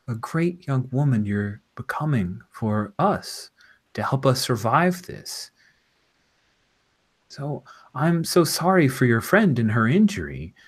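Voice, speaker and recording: A man's voice: mid-range voice, slightly rough, heavily acted. Aunt Rayla, a prim stonewalling official voiced by a man. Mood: apologetic. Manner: apologetic, rule-bound, bureaucratic. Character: prim older woman official, polite but stonewalling.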